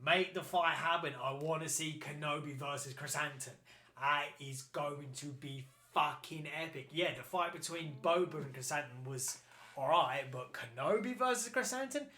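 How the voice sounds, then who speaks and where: A man hosting a podcast in excitable casual chat, swearing freely and rambling. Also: fairly high pitch, moderate pace. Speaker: podcast host.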